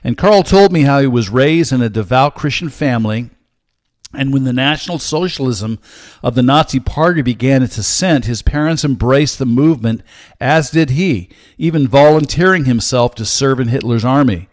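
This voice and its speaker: A man's voice: mid-range voice, no echo, clean studio sound. Earnest older male Bible teacher. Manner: earnest, measured, with frequent "uh" fillers. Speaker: podcast host and Bible teacher. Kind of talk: solo podcast teaching talk.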